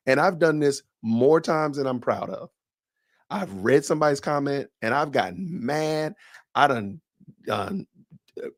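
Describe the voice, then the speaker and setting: A man's voice: fairly high pitch, no echo, studio quality. A man with a Southern US accent hosting a podcast livestream, talking in a chatty, rambling way that often doubles back on itself. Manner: chatty, rambling, self-correcting. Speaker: podcast host. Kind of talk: casual livestream talk.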